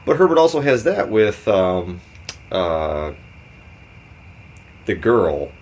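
A man's voice: low-pitched, sing-song, takes it slowly, a little mellow, a little hiss or hum. A man co-hosting a podcast in casual chat, laughing often and rambling in a self-deprecating way. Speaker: podcast co-host.

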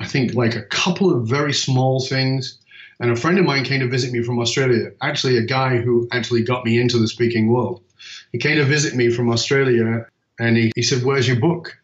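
A middle-aged speaker and author appears as a podcast guest, telling stories with animation and acting out both sides of conversations he remembers. His voice is medium-pitched, and the audio sounds roomy and slightly dull, as though recorded on a remote setup.

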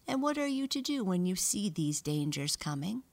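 A woman voicing a mother meadow mouse who calmly quizzes her children like a teacher in a storybook reading. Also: mid-range voice, normal speed. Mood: instructive.

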